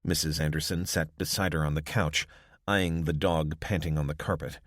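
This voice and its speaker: Audiobook narrator: man, very low voice, measured, dry studio sound. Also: fairly even intonation, fairly bright tone, dry recording. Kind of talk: scripted narration.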